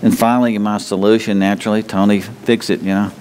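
A man preaching a sermon in a folksy, conversational way, often asking the congregation questions and mimicking people in a high, mocking voice. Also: level tone, quick pace, darkish tone, clean tone, big-room sound. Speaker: pastor.

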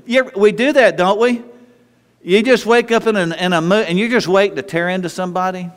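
A man's voice: high voice, brisk, clear, resonant tone. Man preaching casually in a reverberant hall. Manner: conversational preaching with repeated restarts and chuckles. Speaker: pastor. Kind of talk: sermon.

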